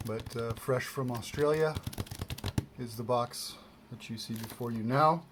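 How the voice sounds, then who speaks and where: This vlogger rambles casually through an unboxing, meandering and poking fun at himself, with lots of fillers and restarts. His voice is medium-pitched and measured, picked up by a desk camera mic against a noisy background.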